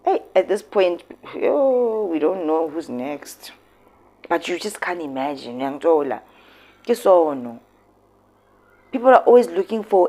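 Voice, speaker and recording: A woman's voice: on the low side, measured pace. A South African woman hosting casual commentary, talking expressively and emphatically. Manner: expressive, emphatic, switching into local words. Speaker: commentary host.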